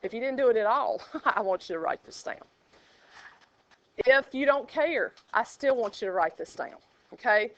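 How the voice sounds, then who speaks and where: A woman's voice: a little high, expressive, moderate pace, no echo. A woman teaching a math class, chatty and playful with sing-song asides. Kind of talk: classroom lecture. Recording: dull lo-fi classroom recording.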